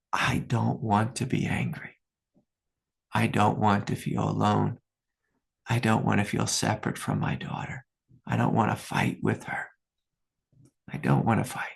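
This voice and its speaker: A man's voice: lowish voice, vocal fry. A man in his fifties giving a reflective spiritual talk, telling personal stories earnestly with fillers along the way. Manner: earnest, storytelling, many fillers and laughs. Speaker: spiritual teacher.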